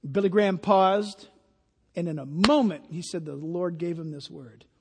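High-voiced preacher in an echoing hall. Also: male voice, normal speed, background noise. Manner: emphatic, storytelling. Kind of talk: sermon. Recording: long hall reverb.

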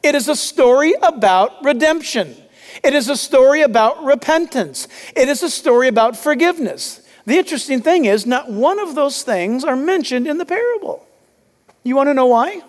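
Male pastor, high-pitched, emphatic sermon delivery, long hall reverb. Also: expressive, moderate pace. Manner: emphatic preaching, loud and urgent.

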